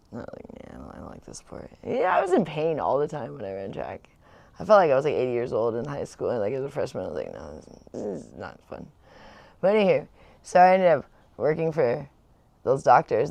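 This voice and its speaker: A woman's voice: deep voice, vocal fry, a little mellow, no room sound. A woman host telling rambling personal stories in casual chat, laughing often. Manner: rambling storytelling with frequent laughs. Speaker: channel host.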